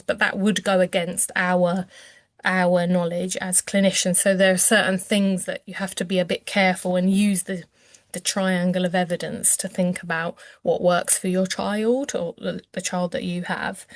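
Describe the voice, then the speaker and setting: Appearing as an interview guest, this English clinician talks through how language develops, stumbling with frequent ums and false starts. She has a lowish voice, recorded dry.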